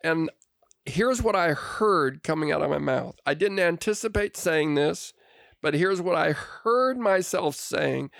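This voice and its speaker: A man's voice: a little high, lively intonation, unhurried, vocal fry, fairly bright tone, dry recording, clean studio sound. An older man telling an earnest, confessional family story on a podcast. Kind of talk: casual podcast conversation.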